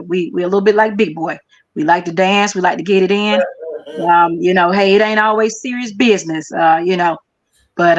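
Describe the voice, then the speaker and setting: A woman speaking as a guest in a casual online chat, lively and slangy. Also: mid-range voice.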